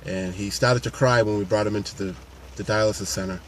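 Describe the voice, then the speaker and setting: Fairly low in pitch and fairly even in intonation, this paramedic and fitness coach speaks a little fast in a casual, unscripted talk to camera. He's earnest and restarts frequently, with slight background noise present.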